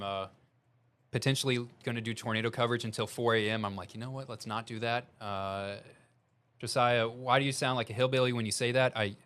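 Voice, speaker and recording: A young man with a slight Southern Missouri twang delivers live severe weather coverage on air. He sounds earnest and urgent and reads viewer reports straight off the screen. His pitch sits at an ordinary middle for a man. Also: fairly bright tone, clean tone. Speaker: meteorologist.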